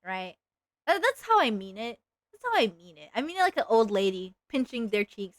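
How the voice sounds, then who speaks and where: A young woman streams and chats while drawing, her voice bouncing up and down with lively, giggly energy. She pokes fun at herself, the sound dry and close to the mic. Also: a little high, a little fast, no echo. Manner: chatty, giggly, self-mocking. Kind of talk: casual live-stream chat while drawing.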